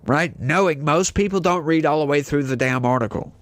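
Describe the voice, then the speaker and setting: A man's voice: a little high, brisk, dry recording. A man with a southern Louisiana accent, reading the news and giving heated opinion commentary, hyper and ranting with lots of rhetorical questions. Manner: hyper and scattered. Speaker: political commentary host.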